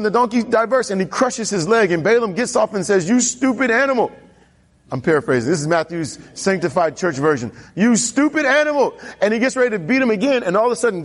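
Guy pastor preaching, high pitched, kinda raspy, acts out the story voices. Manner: animated storytelling, voicing characters with pitch jumps; asks the congregation questions. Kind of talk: sermon.

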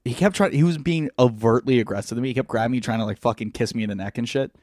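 Crude, animated man telling a story. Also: medium pitch, very fast, no room sound, studio quality. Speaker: podcast host. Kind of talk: casual storytelling chat.

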